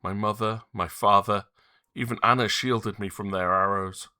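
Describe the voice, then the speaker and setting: A man voicing a young grieving male prince who speaks softly and pleadingly, reading game dialogue aloud. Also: on the low side, fairly even intonation, normal speed, clean tone. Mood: sorrowful. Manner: soft and pleading.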